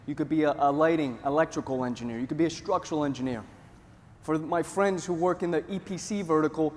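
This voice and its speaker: Energetic male presenter in a hall. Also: a little high. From Northeast Pennsylvania. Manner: jokey, energetic. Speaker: conference presenter. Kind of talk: conference talk. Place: large conference hall. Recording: hall reverb, faint room noise.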